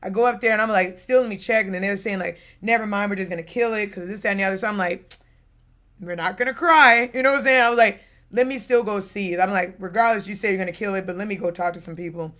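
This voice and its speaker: A young woman chats on her livestream, spinning a long story with lots of fillers and quick asides. Her voice sits in a middle range, easygoing and unpolished. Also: medium pitch. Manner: rambling, animated storytelling with many fillers. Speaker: streamer. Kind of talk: casual livestream chat.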